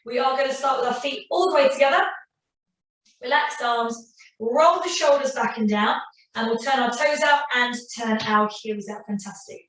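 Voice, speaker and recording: A woman leading a Pilates class, calmly cueing breaths and counting reps. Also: high-pitched, normal speed, recorded from a distance. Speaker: Pilates instructor. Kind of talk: guided exercise class instruction. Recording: very echoey room, voice from off-mic.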